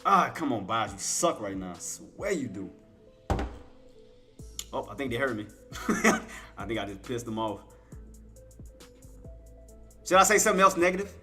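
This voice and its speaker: A man's voice: lowish voice, animated, unhurried, long pauses, faint music behind. Fired-up male day-trading streamer. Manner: coaxes and taunts the price chart, swinging from muttering to loud outbursts; playful trash talk with laughter. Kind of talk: live trading commentary.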